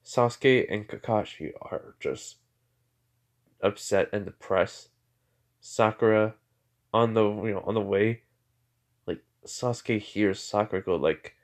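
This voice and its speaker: A man's voice: fairly low pitch, steady tone, measured pace, pauses often. A man casually making up a fan fiction story aloud, rambling with lots of "like" and "you know" and often correcting himself.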